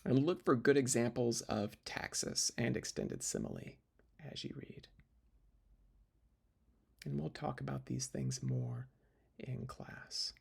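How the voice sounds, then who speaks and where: Gravelly, husky man lecturing. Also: mid-range voice, huge pitch swings, slow pace, pauses often, darkish tone. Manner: explains step by step, with fillers and restarts. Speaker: literature teacher. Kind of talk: recorded lecture video.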